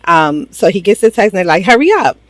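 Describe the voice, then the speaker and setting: A woman's voice: fairly low pitch, fairly quick, dry recording. Chatty gossiping woman recapping drama. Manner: chatty, gossipy, laughs often; slangy, talks straight to viewers. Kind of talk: casual episode recap.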